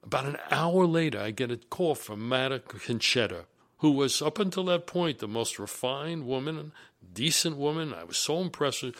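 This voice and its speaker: A man who is a business executive, telling career stories in a deliberate, emphatic and animated monologue. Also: medium pitch. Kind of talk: storytelling monologue.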